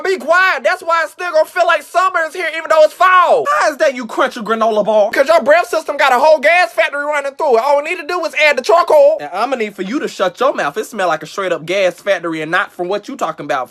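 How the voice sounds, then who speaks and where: Man playing bratty roasting schoolkids, rapid-fire insults, squealing outbursts, comedy skit voices. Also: very high-pitched, bright, forceful tone, full character voice. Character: sassy young schoolkids trading roasts.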